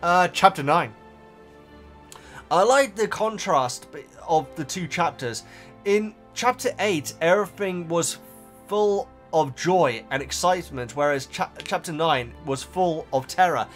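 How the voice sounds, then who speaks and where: A man chats to camera as he reads viewer comments aloud, his voice sitting high and swinging widely up and down. He talks in an animated way, tripping over his words and restarting his sentences. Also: a little slow, soft background music. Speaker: video host reading viewer comments. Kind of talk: casual chat to camera.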